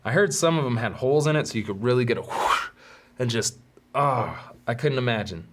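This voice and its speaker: Animated and brisk, a man with a mid-range voice recounts childhood stories on his own storytelling podcast, rambling candidly and running himself down along the way. Background noise is audible.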